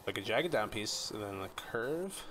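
A man's voice: on the low side, lively intonation, moderate pace, noisy background. A young man casually narrating a video game, rambling, swearing and yelping when startled. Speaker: gaming YouTuber. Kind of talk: casual let's-play commentary.

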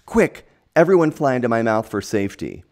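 A man's voice: mid-range voice, big pitch swings, brisk, a little mellow, pitched above the performer's own voice. A man voicing a scheming male alligator restaurant owner in a storybook read-aloud, speaking in a theatrical, gushing way with sly asides. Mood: alarmed.

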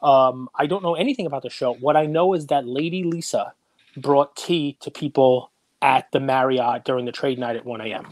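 A man's voice: medium pitch, moderate pace, a little mellow, no room sound. A man hosting a casual podcast, teasing and sarcastic, telling long winding stories. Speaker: podcast host.

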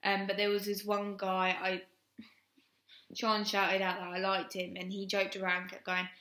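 A woman's voice: mid-range voice, monotone, measured pace, pushed and bright. A young woman, frankly telling a personal story on her vlog and rambling with many "um"s. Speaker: vlogger. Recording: roomy echo.

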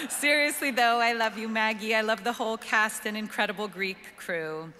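A woman reads a friend's playful note aloud from a stage microphone, chatty and amused. Her voice is bright and clear and carries into a big echoing hall, with faint room noise underneath. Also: on the high side, a little slow. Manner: amused, chatty, breaking into laughter. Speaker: presenter accepting on a colleague's behalf. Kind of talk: reading a note aloud at an awards ceremony. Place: awards ceremony hall.

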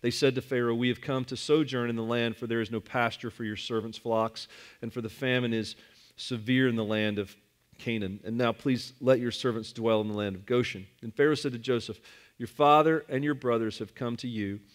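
A man's voice: medium pitch, steady tone, fairly quick. A male pastor reading a scripture passage aloud and then preaching, driving his points home with repetition and rising emphasis.

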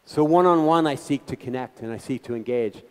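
This is a man at a mid pitch, addressing a community gathering as its guest speaker. He talks in an earnest, conversational way and often puts questions straight to his listeners. His voice carries the long reverb of a meeting hall. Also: brisk, smooth.

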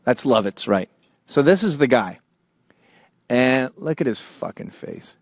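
A man's voice: mid-range voice, very animated, unhurried, dry recording. Crude fortysomething guy ranting on his show, voice leaps all over, dry close mic. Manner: crude, jumps between mumbling asides and sudden loud outbursts. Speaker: show host. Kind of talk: profane comedic monologue.

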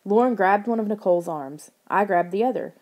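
A woman reading a story aloud as audiobook narration, in an expressive telling voice. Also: medium pitch, fairly quick. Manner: expressive reading, raises her voice for characters' lines.

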